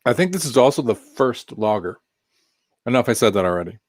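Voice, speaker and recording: A man's voice: medium pitch, lively intonation, a little fast, dry recording, clean studio sound. A man casually reviewing a craft beer on a live stream, chatting in a rambling way with self-deprecating asides while reading viewer comments.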